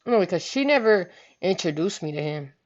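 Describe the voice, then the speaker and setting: A woman's voice: lowish voice, expressive, fairly quick, dull audio. A young woman vlogger telling a story casually, profane and rambling, often asking "you know what I'm saying". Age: young adult.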